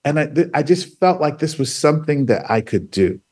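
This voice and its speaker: A man's voice: on the high side, brisk. A man telling his own story as a guest on a radio talk show, acting out what other people said. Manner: animated storyteller, acts out quoted voices.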